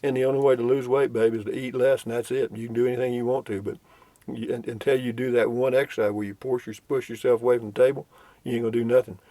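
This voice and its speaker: A man's voice: mid-range voice, fairly even intonation, quick pace, mellow, no echo. An older man, rambling and chuckling as he reads viewer comments in a casual vlog from a road trip. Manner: folksy, rambling, chuckling often. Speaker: vlogger reading viewer comments. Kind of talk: casual chat.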